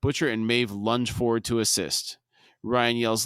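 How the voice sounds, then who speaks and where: Male podcast co-host, steady recap narration, mid pitch, dry close sound. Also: moderate pace, clean tone, no room sound. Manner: steady narration with brief comments. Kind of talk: scene-by-scene recap reading.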